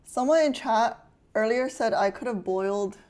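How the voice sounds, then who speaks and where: A woman's voice: fairly high pitch, normal speed, darkish tone. A woman streamer chatting casually with her chat while cooking, teasing and laughing often.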